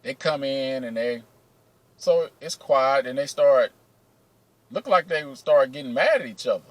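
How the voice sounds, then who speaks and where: A man's voice: mid-range voice, measured pace, dry recording, low-quality recording. Profane storytelling man, dry close sound. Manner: profane, animated, acts out quotes. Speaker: vlogger telling security stories. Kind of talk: casual storytelling.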